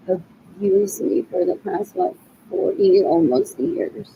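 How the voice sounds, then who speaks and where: A woman's voice: medium pitch, wildly swooping pitch, slow pace, lo-fi sound, slight background noise. A woman in her forties rambling agitatedly in a solo video monologue. She repeats herself and slips between English and Spanish. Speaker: vlogger asking for money.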